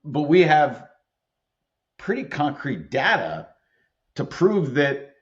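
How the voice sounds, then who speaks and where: Taking it slowly, a middle-aged podcast guest speaks in a fairly high voice with huge swings in pitch, though the recording cuts off the highs. He is an employment attorney and leadership expert, emphatic and earnest as he shares stories in a conversational interview.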